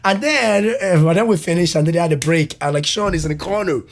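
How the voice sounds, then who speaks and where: A man's voice: fairly high pitch, fast. A young man, a comedian, telling a story casually, with lots of laughing, fillers and swearing. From Ireland. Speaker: comedian guest.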